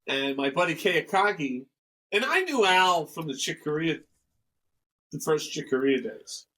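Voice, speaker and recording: Older man, interview guest, rambling storyteller, bright voice. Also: a little high, a little slow, poor audio. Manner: rambling, animated, acts out quoted dialogue. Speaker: guest musician.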